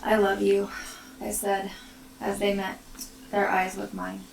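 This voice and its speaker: Woman, personal storyteller; slow, soft, halting delivery with gravel in it; roomy, distant recording. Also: medium pitch, monotone. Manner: slow, soft and halting, often near a whisper. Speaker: mother telling her own story. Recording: roomy, distant mic, faint background noise.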